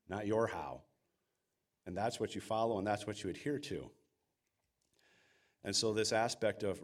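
Guy preaching a sermon, kinda low voice, earnest and emphatic, does little quote voices. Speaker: pastor.

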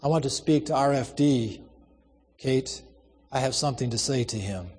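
A man's voice: mid-range voice, moderate pace, darkish tone, husky, in a large hall, close to an everyday voice. A man reading the part of a remorseful young man who speaks in an anguished, self-reproaching way.

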